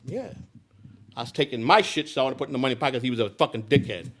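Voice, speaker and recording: A man's voice: animated, quick pace. Blunt, profane middle-aged man. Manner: blunt, profane, swings from low mutters to loud outbursts. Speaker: speaker telling his life story. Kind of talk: raw personal storytelling.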